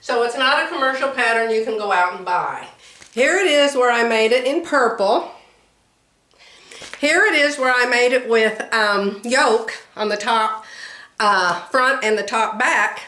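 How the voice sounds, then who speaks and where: Older woman, sewing vlog, chatty and rambling, laughs a lot, slightly high voice, roomy echo. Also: unhurried, bright, forceful tone, far from the mic. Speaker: sewing vlogger. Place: home room. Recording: roomy sound from away from the mic.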